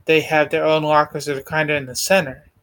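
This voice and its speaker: A man co-hosting a casual sports podcast, his voice sitting slightly high. He explains things at an easy pace, leaning on fillers as he goes. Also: little pitch movement, brisk, a bit bright. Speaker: podcast co-host.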